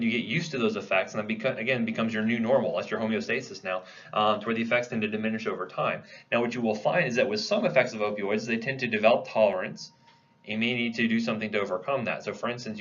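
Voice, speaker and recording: A man's voice: lowish voice, fairly bright tone, dull audio. A man giving a classroom lecture in a conversational way, posing questions to the class and answering them himself. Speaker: pharmacology lecturer.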